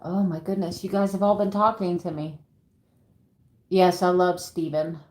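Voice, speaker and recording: A woman's voice: lowish voice, level tone, normal speed, echoey room. Emotional, earnest middle-aged woman vlogger. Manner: emotional, earnest and openly candid; frequent sighs and fillers, warm greetings to viewers. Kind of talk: livestream chat, reading viewer messages.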